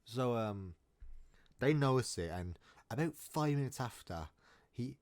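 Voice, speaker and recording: A man's voice: medium pitch, lively intonation, measured pace, darkish tone. A man telling a story in a casual, rambling, jokey way, often restarting his sentences. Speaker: storytime vlogger.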